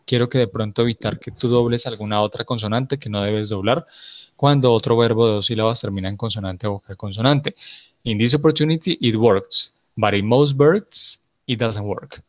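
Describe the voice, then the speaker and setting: Spanish-speaking guy tutoring english, colombian accent, patient, explains slowly, dry close sound. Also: fairly low pitch, no room sound. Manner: patient, explains step by step, switches to Spanish to clarify. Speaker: English teacher.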